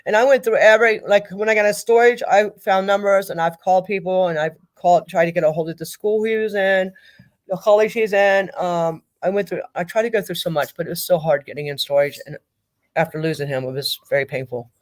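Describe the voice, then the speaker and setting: A middle-aged woman speaking as a grieving mother in an interview, talking in a halting way and repeating herself. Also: lowish voice, steady tone. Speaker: guest, mother of a victim. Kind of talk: emotional interview over a call.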